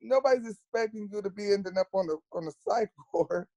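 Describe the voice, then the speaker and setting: A woman's voice: mid-range voice, fairly quick, mellow, no room sound. Candid woman retelling a hard story. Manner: earnest, repeats words for emphasis. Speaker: podcast guest, nurse.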